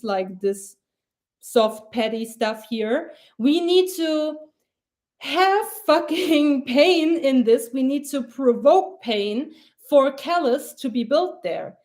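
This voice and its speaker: A woman's voice: high voice, a little mellow. A young woman giving a casual, rambling pep talk as a mindset coach on a live stream, blunt and swearing freely.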